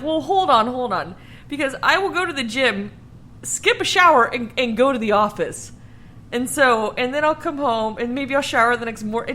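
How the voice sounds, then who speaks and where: A young adult woman with a high, sharp-toned voice co-hosts a casual podcast. She rambles, swears freely, and keeps laughing at herself in a self-deprecating way.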